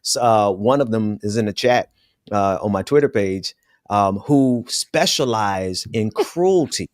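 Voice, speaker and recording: A man's voice: lowish voice, lively intonation, dry recording, clean studio sound. Articulate man speaking with conviction. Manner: articulate, impassioned, measured. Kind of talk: casual chat.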